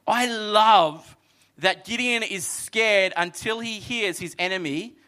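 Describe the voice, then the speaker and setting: Man, pastor, sermon, high voice, bright tone, animated storytelling, acts out characters. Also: slow pace. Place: church hall with congregation.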